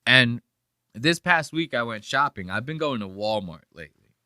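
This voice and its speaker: Bright-voiced joking podcast host man. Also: mid-range voice, expressive, normal speed, dry recording, studio quality. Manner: joking, profane, rambling. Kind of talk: casual podcast commentary.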